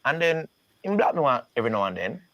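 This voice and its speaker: A Jamaican man interviewing an artist in a relaxed conversation. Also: mid-range voice, fast, no echo.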